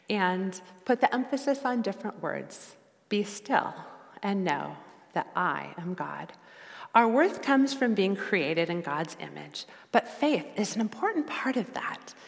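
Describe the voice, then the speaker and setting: A middle-aged woman giving a sermon as a lay preacher, earnest and reflective, slowing down for quoted scripture. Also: medium pitch, a bit bright, big-room sound.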